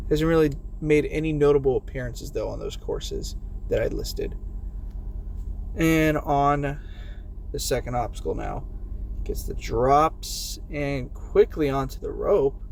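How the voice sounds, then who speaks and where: A man giving casual play-by-play commentary on a game competition, excitable and swearing, yelling when players fall. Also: fairly high pitch, creaky, a little hiss or hum.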